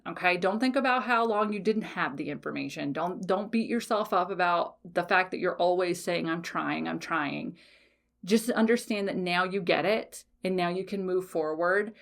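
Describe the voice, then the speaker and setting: A woman's voice: on the low side, fairly bright tone. A woman hosting a solo podcast, talking frankly and casually, swearing freely and often checking in with "okay?". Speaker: podcast host.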